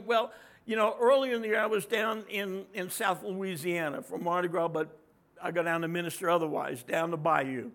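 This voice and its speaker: A middle-aged male pastor preaching a sermon with a raspy voice that sits high for a man. He talks to the congregation casually and throws questions at them. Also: fairly bright tone.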